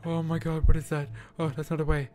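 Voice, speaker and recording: A man's voice: a little high, little pitch movement, brisk, a little mellow, soft background music. A young man nervously narrating his own horror game playthrough, talking to himself and asking the same questions again and again. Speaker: gaming YouTuber. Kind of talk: horror game let's play commentary.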